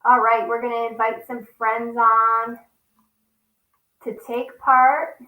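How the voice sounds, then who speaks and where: A woman leads a children's yoga class over a video call, upbeat and coaxing. Her voice is high and bright. A roomy echo hangs around it. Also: little pitch movement, slow, distant mic. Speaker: kids yoga teacher.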